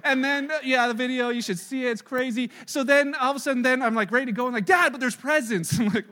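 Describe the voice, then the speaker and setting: Pastor, male, high bright voice, easygoing storyteller with jokes, church sermon. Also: fairly even intonation, fast. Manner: conversational, joking storytelling.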